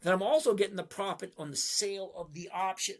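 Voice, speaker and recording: A man's voice: high-pitched, fast talker. A man hosting a casual livestream Q&A on trading, reading out viewer comments and answering with playful, emphatic repetition. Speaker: trading show host.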